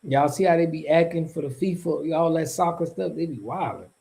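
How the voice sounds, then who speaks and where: A man's voice: on the high side, brisk, creaky, warm tone, rough recording. A man hosting a casual livestream, talking back to his chat in a loose, slangy, rambling way with frequent laughs. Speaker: streamer and channel host.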